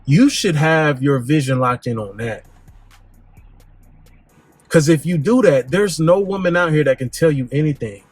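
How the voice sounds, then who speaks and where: A blunt, slang-heavy man lecturing his listeners on dating with a slightly high, husky voice. He punches words with sharp pitch jumps and sudden drops. The sound is close and dry, with faint music underneath. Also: a little slow, pauses often, dry recording. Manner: blunt, slangy, emphatic, swings pitch up and down for emphasis. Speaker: dating advice host. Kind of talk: casual direct-to-camera monologue.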